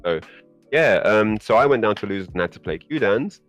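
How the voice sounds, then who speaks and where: A man with a fairly low voice tells a story on a podcast in an easy, chatty way. He grows animated, his pitch climbs when he gets excited, and he often breaks into laughter. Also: moderate pace, lo-fi sound, faint music behind. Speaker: podcast guest. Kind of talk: casual storytelling.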